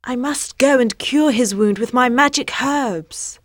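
A woman voicing a devoted queen in a soft, sincere way in a storybook reading. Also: high-pitched, measured pace, no echo, clean studio sound, voice pushed up. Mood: determined.

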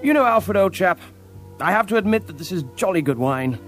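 Man doing jovial lazy victorian lord, audiobook drama, posh drawl, fairly high, lively pitch, faint music. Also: fairly quick.

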